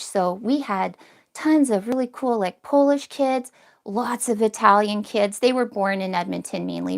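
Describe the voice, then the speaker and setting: A woman's voice: medium pitch, vocal fry. A middle-aged woman on a casual phone livestream, teary from crying and rambling emotionally to her viewers. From Canada. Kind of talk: casual live-stream chat. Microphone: cheap phone.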